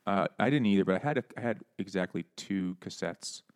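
A man co-hosting a casual book club podcast, joking and acting out quotes as he talks. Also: deep voice. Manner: fast, joking, acts out quotes. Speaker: podcast co-host.

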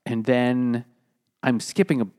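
A man's voice: mid-range voice, steady tone, slow, a little mellow. A man co-hosting a book podcast, summarizing the plot in a rambling way with lots of fillers. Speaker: podcast co-host. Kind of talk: casual book-club chat.

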